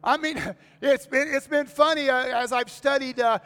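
A man's voice: extremely high pitch, steady tone, moderate pace, a bit bright. An older man preaching to his congregation in a folksy manner, repeating key lines and asking for amens. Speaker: pastor. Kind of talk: sermon. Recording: long reverb of a church hall.

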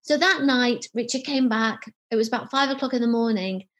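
A woman's voice: fairly high pitch, a little fast. A middle-aged woman, an author and psychotherapist, telling a personal story in an interview and acting out remembered dialogue. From United Kingdom. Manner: animated, acts out remembered dialogue.

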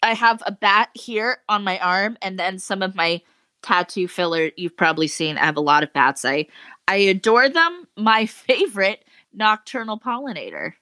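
A woman's voice: mid-range voice, expressive, normal speed, sharp tone, dry recording. A woman co-hosting a casual podcast, bubbly and giggly, chatting animatedly. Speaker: podcast co-host. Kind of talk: casual chat.

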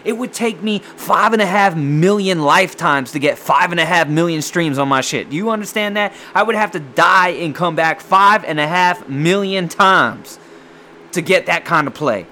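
A man chatting casually and profanely as he reacts to music, excitable and rambling. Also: high voice, normal speed, a little hiss or hum. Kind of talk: casual chat.

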